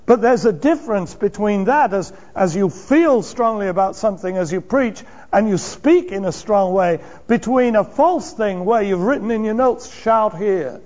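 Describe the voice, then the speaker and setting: A man preaching a sermon in a church, emphatic and measured, asking rhetorical questions and chuckling now and then. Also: high voice, lively intonation, darkish tone. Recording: dull lo-fi sermon recording.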